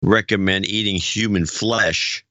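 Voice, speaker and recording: A man's voice: low voice, fairly even intonation, unhurried, sharp tone, dry recording, highs cut off. A man co-hosting a podcast in casual chat, talking conversationally and drifting into tangents. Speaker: podcast co-host.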